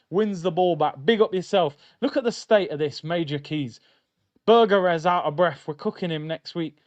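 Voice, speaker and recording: A young man calls a live football match for his stream viewers, excitable and full of slang. His voice sits high for a man. The audio is dry and a little muffled, like a home streaming setup. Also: dry recording. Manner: excitable, slangy, shouts at big moments. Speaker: football watchalong host. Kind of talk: live football watchalong commentary. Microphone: streaming mic.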